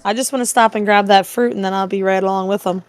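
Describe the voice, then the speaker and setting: A woman's voice: medium pitch, steady tone, fast. A woman playing in a tabletop game, blunt and joking with the game master. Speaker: player. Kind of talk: casual tabletop play.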